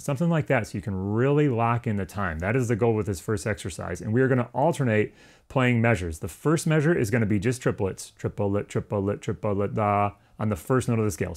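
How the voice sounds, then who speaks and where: A man's voice: mid-range voice, a little mellow. Casual male music teacher. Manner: casual explanatory, sings rhythms on syllables. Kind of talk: instructional lesson.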